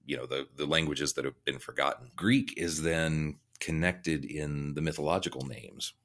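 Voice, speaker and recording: Male co-host, extremely low voice, thinks aloud in loose asides. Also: fairly even intonation, moderate pace, a bit bright. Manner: thoughtful, hesitant asides. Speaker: podcast co-host. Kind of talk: casual book discussion.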